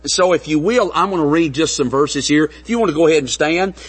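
Folksy preacher man, slightly husky. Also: fairly high pitch, brisk. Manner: folksy, conversational preaching with restarts. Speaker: pastor. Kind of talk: sermon. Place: church sanctuary.

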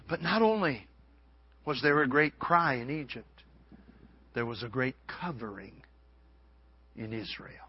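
A man preaching a sermon, moving between hushed low passages and loud, shouted dramatic ones. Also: no echo, highs cut off.

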